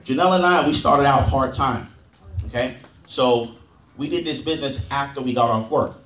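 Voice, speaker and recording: A man's voice: mid-range voice, moderate pace, fairly bright tone. A man training an audience at a sales event, repeating himself and leading call-and-response chants. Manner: repetitive, drills the crowd with chants and okays. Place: large event room with an audience. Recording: echoey hall, mic at a distance.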